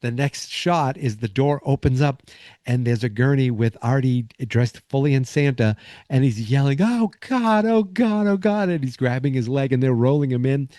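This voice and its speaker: A podcast host with a mellow, mid-range voice recaps a sitcom episode casually, rambling and acting out quotes along the way. He keeps a steady tone at a moderate pace, and the sound is studio quality with no room sound.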